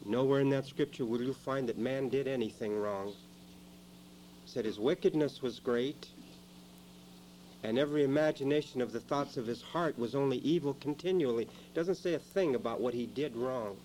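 A man preaching a sermon in a church, dramatic, moving between quiet asides and loud emphatic lines. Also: medium pitch, normal speed, slight background noise, poor audio.

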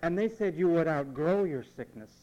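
A man preaching a sermon, emphatic and repetitive, mimicking what others say in quick asides. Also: fairly high pitch, expressive, dark tone, dull audio.

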